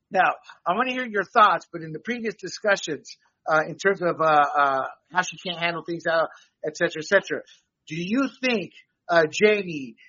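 A man's voice: high voice, bright, forceful tone, lo-fi sound. A man hosting a political talk show, chatty and laughing often as he reads out figures. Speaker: podcast host.

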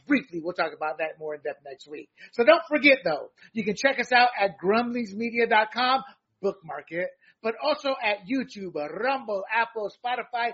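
A man with a high, husky voice hosts a political podcast, full of energetic, playful patter as he wraps up the show. His voice comes through slightly dull and lo-fi, recorded at home. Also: moderate pace. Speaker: podcast host. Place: home room with figurines behind.

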